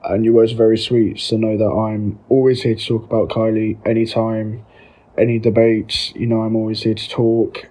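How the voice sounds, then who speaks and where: A man's voice: fairly low pitch, completely flat delivery, moderate pace, dark tone. A man sending a friendly, easygoing voice memo to a podcast. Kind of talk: recorded voice memo.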